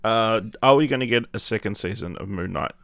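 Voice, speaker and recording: A man's voice: fairly low pitch, brisk, gravelly, a bit bright. A man co-hosting a casual podcast, making short dry remarks and steering the discussion. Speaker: podcast co-host. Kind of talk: casual pop-culture chat.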